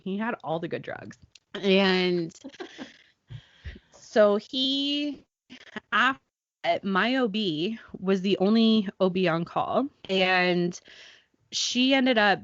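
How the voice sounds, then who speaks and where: A woman's voice: medium pitch, slow, long pauses, dry recording, lo-fi sound. A woman in her thirties hosting a podcast, telling a story casually and acting out the people in it. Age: 30s. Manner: animated storytelling, acts out quoted people. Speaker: podcast host. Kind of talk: casual chat.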